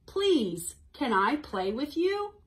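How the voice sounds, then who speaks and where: A woman voicing a kind, motherly female duck in a toddler storybook, gentle and instructive. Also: medium pitch, big pitch swings, slow, slight background noise.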